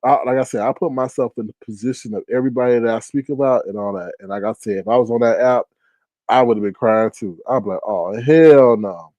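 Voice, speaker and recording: Male streamer chatting with viewers, animated, warm low timbre, dry close sound. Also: fast, no echo, low-quality recording. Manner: animated, with shrieking high exclamations and laughter; drawling asides like "ooh, child". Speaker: live-stream host. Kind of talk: casual live-stream chat.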